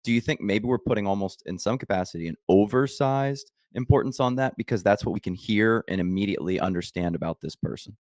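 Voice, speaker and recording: A man hosting a podcast with a very low, deep voice. He asks measured questions, and his voice sounds dry and close with no room echo. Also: a little mellow. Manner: measured questioning, brief backchannels. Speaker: podcast host. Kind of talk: podcast interview conversation.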